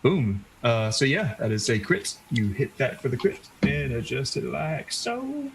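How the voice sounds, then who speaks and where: A man's voice: medium pitch, sing-song, unhurried, a little hiss or hum, poor audio. Laid-back man running a tabletop game. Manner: laughing, loose, describing actions casually. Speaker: game master.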